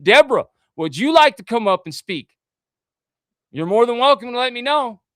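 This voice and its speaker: A man's voice: extremely high pitch, big pitch swings, normal speed, fairly bright tone, no echo, clean studio sound. A man hosting a livestream, reading out text messages and ranting indignantly with frequent swearing. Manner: indignant, profane, reads texts aloud. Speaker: livestream host. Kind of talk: casual livestream rant.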